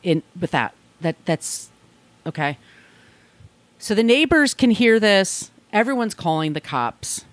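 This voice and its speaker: A woman's voice: medium pitch, big pitch swings, unhurried, dry recording. A woman co-hosting a podcast, telling a true crime story in a blunt, conversational way. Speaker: podcast co-host.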